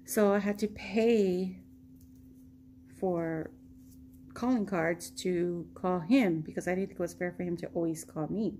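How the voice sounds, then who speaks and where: A woman from the United States telling a personal story in a slow, rambling vlog, laughing often, her nose stuffy from allergies. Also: on the low side, steady tone, warm tone, slight background noise. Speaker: vlogger. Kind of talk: casual storytelling.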